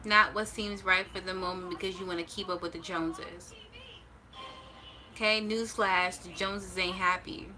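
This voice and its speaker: A woman tarot reader speaks in a lower register with a bright, forceful tone. She talks to her viewers casually and bluntly, swearing freely. She reassures them and drags out the words she wants to land. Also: fairly even intonation, slight background noise, poor audio. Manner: emphatic, drawn-out stresses. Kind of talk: casual livestream talk.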